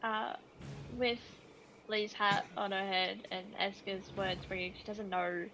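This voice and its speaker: Female player, slow and deliberate, bright clear tone, faint music behind. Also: mid-range voice, fairly even intonation, a little hiss or hum, poor audio. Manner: thoughtful, describing her character in third person. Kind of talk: playing a tabletop game.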